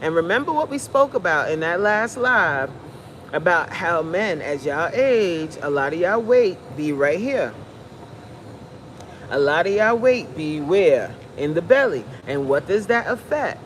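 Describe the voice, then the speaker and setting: A woman's voice: on the low side, expressive, measured pace, slight background noise. A fitness coach, a woman, giving a blunt, preachy, joking pep talk on a live stream.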